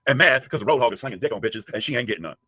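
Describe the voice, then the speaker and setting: A man's voice: medium pitch, animated, very fast, pushed and bright, husky, dry recording. A man giving a crude, taunting rant as a streamer answering a critic. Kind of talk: profane ranting commentary.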